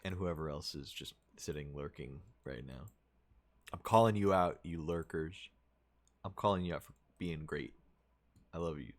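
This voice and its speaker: A man's voice: rumbling low, normal speed. A man streaming and chatting casually with his viewers, rambling and restarting his sentences with little chuckles.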